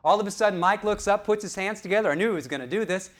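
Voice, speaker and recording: A middle-aged man from St. Louis, a professional speaker telling a story on stage, animated and playful, quizzing the audience. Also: high-pitched, racing. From St. Louis, USA. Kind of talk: storytelling keynote speech.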